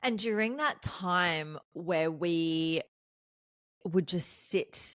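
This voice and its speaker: A woman hosts her own podcast and talks through a personal story, candid and animated, swearing now and then. Her voice sits a little low for a woman. The recording is close and dry, with no room sound. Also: extremely slow, no room sound. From Australia. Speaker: podcast host.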